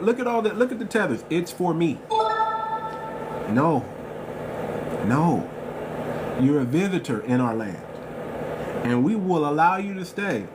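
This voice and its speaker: A man hosts a live stream in a slightly raised voice, repeating his points with lecturing emphasis. An air conditioner hums clearly behind him. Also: fairly high pitch, background noise.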